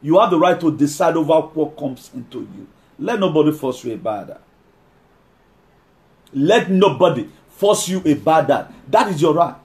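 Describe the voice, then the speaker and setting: A man preaching a sermon, emphatic, repeating key lines and slowing down to read scripture. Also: fairly high pitch, lively intonation, a little mellow.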